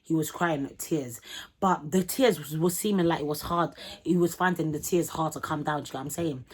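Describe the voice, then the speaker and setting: A young woman telling a vlog storytime in animated, slangy talk, acting out the people in it. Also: low-pitched, fairly quick, breathy edge. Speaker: vlogger.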